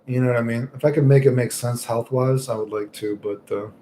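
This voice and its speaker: A man's voice: mid-range voice, steady tone, a little fast, mellow, a little hiss or hum. A young man streaming live, chatting casually and rambling through stories with lots of swearing. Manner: rambling, casual, swears often, many fillers.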